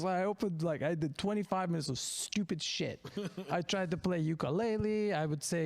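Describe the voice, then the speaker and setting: A man's voice: high-pitched, expressive, moderate pace, hardly any pauses. A man, a comedian guest on a podcast, telling stories in a rambling, self-deprecating way with frequent restarts. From Turkey. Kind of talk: casual podcast chat.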